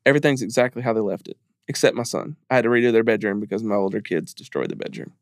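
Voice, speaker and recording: Man, podcast guest, rapid speech, emphatic, repeats himself, dead dry sound. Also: on the low side, no room sound. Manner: earnest, emphatic, repeats phrases; speaks openly about grief. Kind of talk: candid conversational interview.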